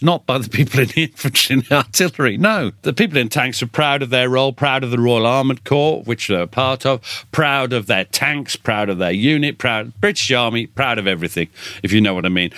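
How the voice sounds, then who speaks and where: Man, middle-aged historian, lively swooping voice, dry close sound, emphatic repetition. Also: mid-range voice, no room sound. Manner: animated, repeats words for emphasis. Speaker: military historian. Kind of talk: interview, storytelling.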